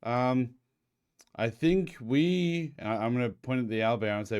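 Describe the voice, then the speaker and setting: A man's voice: mid-range voice, lively intonation, measured pace, a little mellow, smooth. A man playing a tabletop game, speaking hesitantly with many fillers and restarts. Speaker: player.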